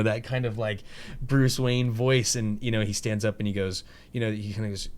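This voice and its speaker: A man hosting a casual podcast, rambling through animated retellings of scenes, with lots of fillers and some swearing. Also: fairly low pitch, normal speed. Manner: casual, profane, filler-heavy. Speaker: podcast host.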